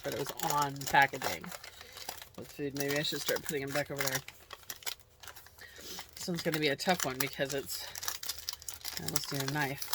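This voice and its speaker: Low-voiced woman tasting snacks on camera. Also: very noisy. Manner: chatty, unhurried, murmurs while chewing. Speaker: snack review vlogger. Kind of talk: casual snack taste-test commentary.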